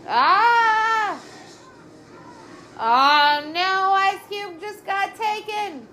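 A woman's voice: on the high side, takes it slowly, faint music behind. A woman hosting a podcast, giving casual, exasperated commentary on a movie as she watches it, swearing often. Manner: lively, exasperated, heavy swearing. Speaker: podcast host.

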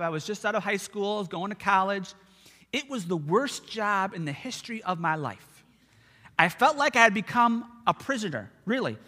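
A man preaching a sermon to his church, telling stories from his own life in a loose, chatty way. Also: high-pitched. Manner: conversational storytelling, animated and expressive. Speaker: pastor. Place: church sanctuary. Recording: long church hall reverb.

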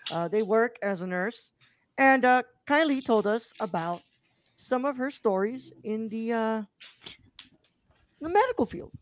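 A woman's voice: on the high side, lively intonation, measured pace, pauses often, no echo. Woman host, casual live chat, rambling and filler-heavy, dry close sound. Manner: laid-back, rambling with many fillers. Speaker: podcast host.

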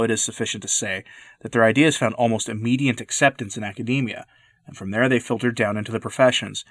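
A man hosting a podcast, reading scripted commentary in an earnest, measured, lecturing way. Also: mid-range voice, fairly bright tone, no room sound, clean studio sound. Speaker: podcast host. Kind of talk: scripted commentary read aloud.

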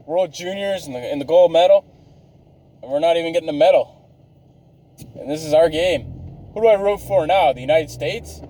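A man's voice: on the high side, moderate pace, pauses often, mellow, low-quality recording. A man in his thirties hosting a podcast, rambling in a profane, ranting, self-mocking monologue. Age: 30s. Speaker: podcast host.

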